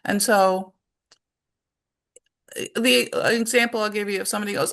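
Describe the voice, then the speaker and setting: A woman's voice: mid-range voice, fairly even intonation, normal speed, long pauses, a bit bright. A woman presenting a webinar to parents and teachers, speaking conversationally and explaining her points through everyday examples.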